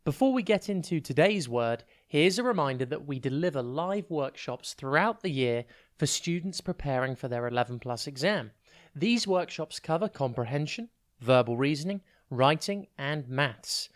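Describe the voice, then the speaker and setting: Brief: host for a scripted kids' vocab podcast, clear and measured, dry close recording. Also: medium pitch, no echo. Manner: clear, measured teaching delivery.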